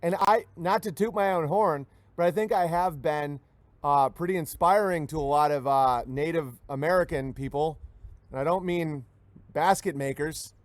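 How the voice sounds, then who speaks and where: A man's voice: fairly high pitch, normal speed, no echo. A man, a comedian, ranting jokingly and rambling, often slipping into mimicked voices. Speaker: comedian hosting a talk stream. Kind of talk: joking rant.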